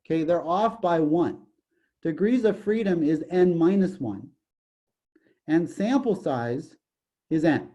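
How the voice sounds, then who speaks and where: Give me a man lecturing on statistics with a raised, mellow voice, throwing in jokes. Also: a little high, expressive, slow pace, pauses often, muffled recording. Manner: jokey, digressive, repeats "okay". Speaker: college math professor.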